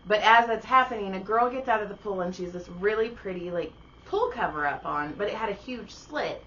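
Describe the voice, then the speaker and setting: A woman co-hosting a podcast tells a story in loose, casual chat. She is animated and freely profane, and she jumps into voices for whoever she quotes. The sound is a little dull and muffled, with faint noise underneath. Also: medium pitch, a little fast. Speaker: podcast co-host.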